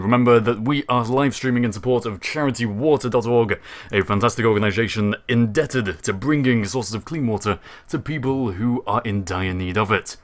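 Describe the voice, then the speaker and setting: A man's voice: mid-range voice, brisk. A young man hosting a charity gaming livestream, chatting casually with an upbeat, announcer-like delivery. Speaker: livestream host.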